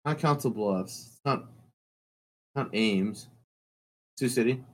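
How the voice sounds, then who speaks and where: A man's voice: mid-range voice, slow pace. A man in casual podcast chat, guessing aloud and swearing when he gets it wrong. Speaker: podcast co-host.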